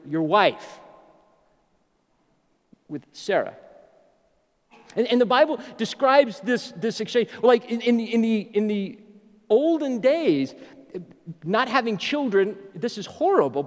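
A middle-aged man preaching a sermon as a pastor, an animated storyteller who jokes his way through. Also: high-pitched, normal speed, long reverb tail.

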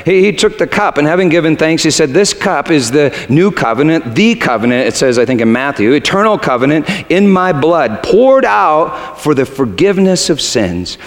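A man preaching a sermon, swinging from hushed, halting storytelling to loud, emphatic proclamation. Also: fairly high pitch, very animated. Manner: dramatic swings from hushed to shouting; halting restarts when moved. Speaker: pastor. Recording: long hall reverb.

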